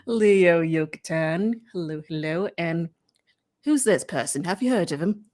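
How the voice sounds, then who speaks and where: A woman hosting a casual livestream chat show, friendly and quick to laugh. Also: lowish voice, animated, a little mellow. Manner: giggly, friendly. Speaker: host.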